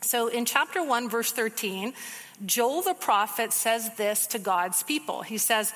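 A woman giving a casual, conversational sermon, teaching from a book of the Bible with quick asides. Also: a little high, animated, a bit bright, big-room sound.

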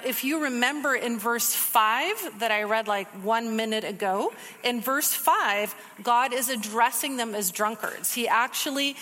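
A woman giving a casual, conversational sermon, teaching from a book of the Bible with quick asides. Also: fairly high pitch, pushed and bright, big-room sound.

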